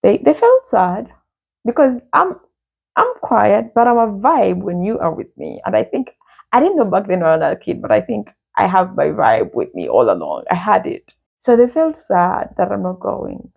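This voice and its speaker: A young woman casually telling a lively personal story from her school days, laughing and acting out what people said. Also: mid-range voice, normal speed, creaky, breathy edge, muffled recording. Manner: lively, laughing, acts out quotes.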